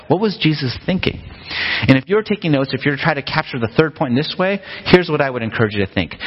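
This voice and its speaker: A pastor preaching a sermon in a relaxed, conversational way, often asking the congregation rhetorical questions. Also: male voice, fairly high pitch. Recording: long hall reverb, dull lo-fi sound.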